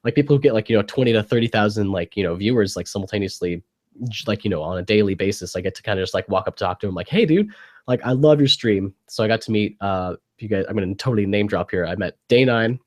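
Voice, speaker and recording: Young male co-host, a bit low, congested and sniffly, loose jokey delivery over a video call. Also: fast talker. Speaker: podcast co-host. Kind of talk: casual chat.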